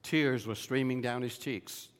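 A man preaching a sermon, telling a personal story with dramatic swings and quiet, hushed moments. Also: medium pitch, fairly even intonation, a little slow, smooth. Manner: dramatic storyteller, dropping to a hush in tender moments. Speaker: pastor. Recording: reverberant hall.

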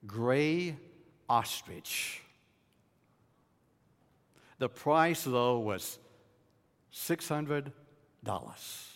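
A man preaching a sermon, telling a personal story with dramatic swings and quiet, hushed moments. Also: mid-range voice, animated, drawn-out words, vocal fry, pauses often. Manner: dramatic storyteller, dropping to a hush in tender moments. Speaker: pastor. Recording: reverberant hall.

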